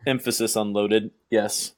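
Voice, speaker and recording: A man's voice: lowish voice, flat delivery, unhurried, a little mellow, no room sound. A young man co-hosting a casual podcast, full of crude joking banter. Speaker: podcast co-host. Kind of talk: casual chat.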